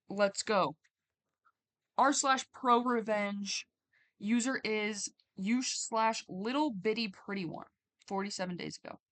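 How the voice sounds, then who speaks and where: A young adult woman on a casual stream, reading stories aloud and breaking off to comment in a chatty way. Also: medium pitch.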